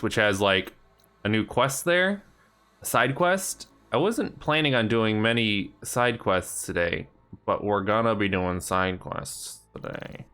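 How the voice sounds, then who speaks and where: A man with a fairly low, smooth, fairly bright voice streams a video game. He casually recaps his past progress and trades jokes with his chat in rambling banter.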